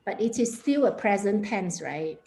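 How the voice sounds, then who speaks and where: A woman student on a video call asking her teacher a question in a hesitant, halting way. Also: mid-range voice, lively intonation, gravelly, dark tone, faint music behind.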